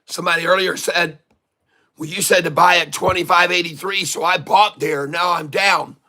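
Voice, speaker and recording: Male stock streamer, high-pitched and hoarse, folksy coaching patter. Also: fairly even intonation, normal speed, bright, forceful tone. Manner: folksy, repeatedly calls viewers folks; coaxing, repeats instructions. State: hoarse from long hours of talking. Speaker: day-trading livestream host. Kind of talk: live trading commentary to chat.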